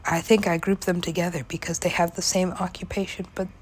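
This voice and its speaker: A woman's voice: lowish voice, little pitch movement, brisk, slight background noise. A young woman in a casual, rambling personal monologue, full of "like" fillers and swearing, sometimes dropping to a whisper. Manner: casual, lots of "like" fillers, swears, laughs often; drops into whispers at times. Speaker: vlogger.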